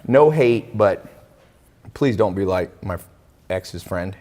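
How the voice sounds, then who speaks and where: A man hosting a casual talk, telling a story in an animated way and acting out the voices of the people in it. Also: sits low, slow, in a large hall. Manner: animated, acts out quoted voices. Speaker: podcast host.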